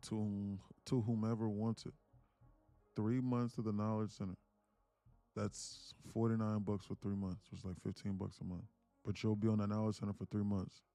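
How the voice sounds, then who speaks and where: A man with a low, mellow voice runs a casual live trading stream, chatting loosely and looping back over his own words. His voice is dry and close, with faint music in the background. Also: no echo. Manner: loose, repetitive, restarts phrases while reading chat. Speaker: livestream trading host.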